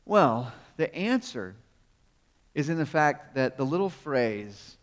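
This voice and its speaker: A man's voice: medium pitch, very animated, takes it slowly. A man preaching a sermon in a conversational, storytelling way, asking rhetorical questions and chuckling as he goes. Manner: chuckles often while speaking. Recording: long reverb of a large hall.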